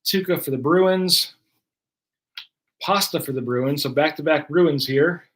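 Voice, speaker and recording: A man's voice: on the high side, measured pace. A man hosting a live card break, chatting casually as he runs through each card pulled. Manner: chatty, running play-by-play of cards. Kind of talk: casual live-stream commentary.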